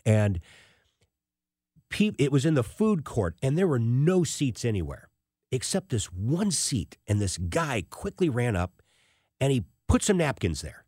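A man hosting a talk radio show, telling a personal story in an animated way and acting out the people he quotes. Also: medium pitch, unhurried, slightly rough, dry recording, studio quality.

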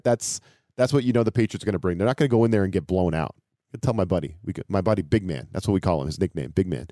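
Man, sports podcast co-host, mellow low voice, dry close sound, animated chatter. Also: rapid-fire, no room sound. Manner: animated, repetitive, laughing asides. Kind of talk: casual sports chat.

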